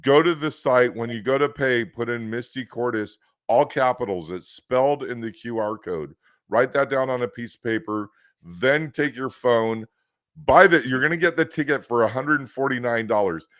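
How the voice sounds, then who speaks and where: A man with a West Coast American accent hosts a casual podcast, telling chatty, rambling stories full of restarts. His mid-range voice moves at normal speed with a fairly bright tone, in clean studio quality with no echo.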